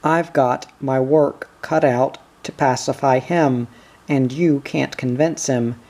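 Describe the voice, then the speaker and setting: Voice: mid-range voice, fairly even intonation, takes it slowly, darkish tone. A reader voicing a troubled country wife. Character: worried middle-aged country wife.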